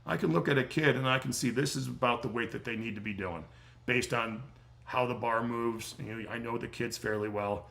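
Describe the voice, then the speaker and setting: A man's voice: medium pitch, steady tone, brisk, vocal fry, a bit bright. A middle-aged man coaching in a livestream Q&A, blunt and profane, getting fired up as he loses his voice. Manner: blunt, swears freely, gets fired up. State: losing his voice. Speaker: strength coach hosting a livestream Q&A. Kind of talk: casual livestream Q&A, profane and emphatic.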